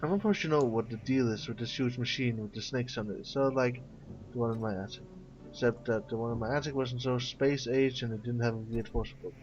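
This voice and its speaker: A man's voice: mid-range voice, steady tone, brisk, a little mellow, lightly acted. A man reading the lines of a confused young girl in a video game in his own voice, flustered and unsure. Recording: dull lo-fi mic with faint game music.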